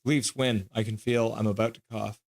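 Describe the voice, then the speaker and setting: A man's voice: lowish voice, little pitch movement, moderate pace, gravelly, darkish tone. A man hosting a live stream, chatting casually, reading out viewer comments and teasing and thanking people by name. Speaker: livestream host.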